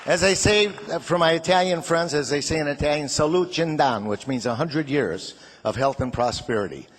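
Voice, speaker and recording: Older guy doing stand-up, kinda high voice, laughs at his own gags. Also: fairly quick, background noise. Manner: punchy one-liners, chuckling at his own jokes. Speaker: comedian and show host. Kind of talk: stand-up comedy routine.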